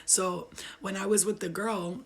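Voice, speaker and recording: A woman's voice: medium pitch, steady tone, a little slow, slight background noise. A young woman casually telling viewers a ghost story, rambling, swearing and laughing often.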